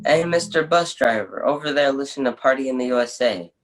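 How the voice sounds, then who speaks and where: Teen guy doing a chill stubborn kid, slangy and blunt, mid-pitched everyday voice, improv stage bit. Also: animated, brisk, loud music behind the voice, lightly acted, poor audio. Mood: joking. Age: teens. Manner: casual slangy street talk. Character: laid-back teenage boy Jamal, blunt and stubborn.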